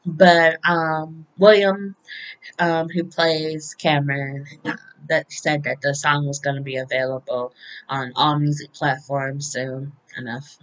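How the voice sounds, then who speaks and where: A woman's voice: low-pitched, fairly even intonation, slow, poor audio. A woman casually recapping a week of soap opera episodes, chatty and often laughing, with occasional swearing.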